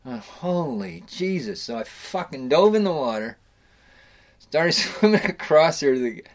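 Telling fishing stories in a casual, spoken way, a middle-aged man rambles, cusses freely, restarts sentences often and chuckles along. His voice is on the high side with big pitch swings, and he takes his time.

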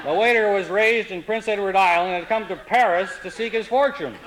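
A man telling comic stories in a dry, wry, deadpan way. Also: high-pitched, brisk, heavy background noise. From Canada. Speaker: humorist. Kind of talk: comic storytelling.

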